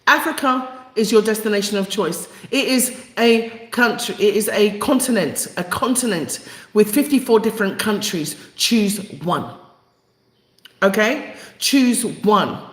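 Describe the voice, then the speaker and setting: A woman's voice: medium pitch, lively intonation, unhurried. Woman hosting a live stream, emphatic, repeats herself for effect, voice rises and falls a lot, echoey room. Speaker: channel host. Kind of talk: live-stream talk to viewers.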